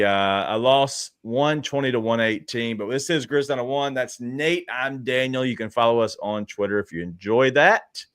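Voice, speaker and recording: A man with a lowish voice talks through a basketball postgame in loose, rambling sentences, circling back and correcting himself. His voice sits close and dry on the mic with almost no room sound. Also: fairly bright tone, clean tone, no room sound. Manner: rambling, restarts and fillers, quick asides. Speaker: podcast co-host. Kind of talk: casual sports talk.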